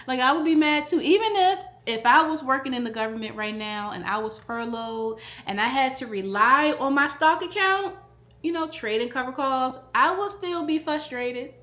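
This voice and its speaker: A woman's voice: sits high, animated, unhurried, fairly bright tone, roomy sound. A woman vlogging casually to camera about stock trading, emphatic and repeating her key phrases. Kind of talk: casual direct-to-camera talk.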